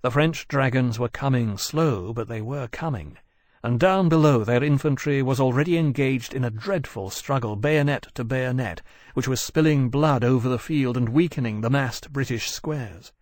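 A man reads a novel aloud in a measured, even storytelling manner. His voice sits at a middling pitch. The recording is close and dry, with no room sound. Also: no room sound. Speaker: audiobook narrator. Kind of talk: scripted narration.

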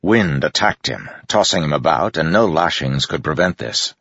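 A man narrating a fantasy audiobook with a steady, measured reading, in a dull, dry recording. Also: rumbling low, husky, dry recording.

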